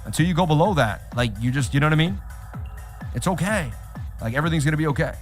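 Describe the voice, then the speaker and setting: A man hosting a live trading stream, talking straight to his chat in an animated, repetitive way. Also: fairly high pitch, fast, faint music behind. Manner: animated, repeats himself, talks straight to chat. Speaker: livestream host. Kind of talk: casual livestream chat.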